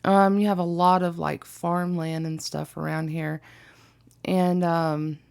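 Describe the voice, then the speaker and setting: Young woman, reaction vlogger, gravelly fry, chatty and rambling. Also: fairly low pitch, flat delivery, slow, darkish tone. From Alabama, USA. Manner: chatty and rambling, with many ums and likes. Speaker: reaction video host. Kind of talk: casual reaction vlog chat.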